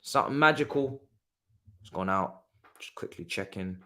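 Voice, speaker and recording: A young man doing live football watchalong commentary, chatty and slangy, shouting at the players. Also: lowish voice, lively intonation, normal speed. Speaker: watchalong streamer.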